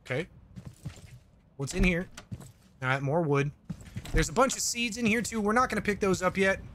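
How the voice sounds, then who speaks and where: A man's voice: high-pitched, normal speed, fairly bright tone, slight background noise. A man streaming a game, rambling and joking in casual commentary while reading chat aloud. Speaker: gaming streamer.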